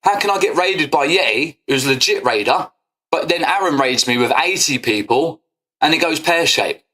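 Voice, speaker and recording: A man's voice: fairly high pitch, animated, normal speed, pushed and bright. Furious swearing man. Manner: confrontational, swearing, repetitive "yeah?". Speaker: football fan channel host. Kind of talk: angry rant to camera.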